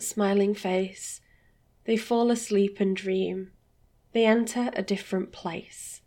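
Woman narrator, mid-pitched, very slow, dramatic storybook reading. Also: warm tone.

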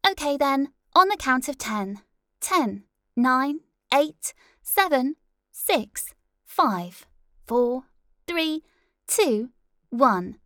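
A woman voicing a pushy young female radio producer who shouts and hurries. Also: high-pitched, very animated, drawn-out words, long pauses, dry recording, clean studio sound, voice pushed up, heavily acted. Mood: urgent. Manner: loud, shouting and hurrying.

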